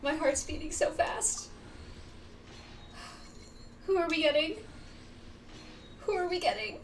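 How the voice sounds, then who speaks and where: Woman streamer, very high bright voice, slow drawn-out dramatic talk, slightly distant mic with faint noise. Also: animated. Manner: dramatic, pleading and wailing over game pulls. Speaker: game streamer. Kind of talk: casual live-stream chatter while gaming.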